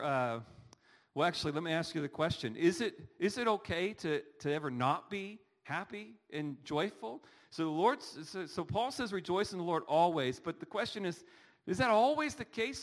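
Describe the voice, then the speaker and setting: A man's voice: sits high, a little fast. A middle-aged man preaching a sermon, earnest and full of rhetorical questions, rising in emphasis. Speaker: pastor.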